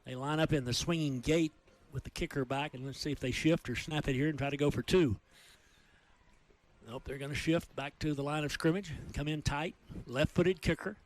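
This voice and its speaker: Excited Texan play-by-play man. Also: a little high. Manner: rapid excited play calling. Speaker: play-by-play announcer. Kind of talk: high school football radio commentary.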